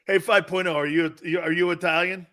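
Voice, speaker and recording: A man hosting a live sports talk show, joking loudly with viewers, reading their comments and laughing often. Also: high voice, steady tone, fairly quick. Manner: joking, loud, laughs often, calls out chat names.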